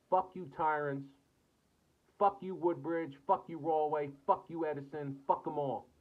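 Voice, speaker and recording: An American man delivering an angry, profanity-filled rant to camera, cursing and repeating himself. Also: a little high. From United States. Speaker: vlogger. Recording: tinny phone-like audio.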